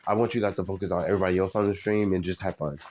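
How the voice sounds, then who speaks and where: A man live streaming, talking casually to his viewers in a halting way, full of ums and restarts. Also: sits low, fairly even intonation, darkish tone. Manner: halting, many fillers and restarts.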